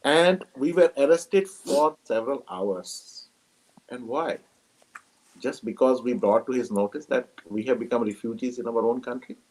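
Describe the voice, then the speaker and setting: A man's voice: medium pitch, unhurried, a little mellow, poor audio. A man speaking earnestly and formally as a conference panelist, adding to a discussion over a video call.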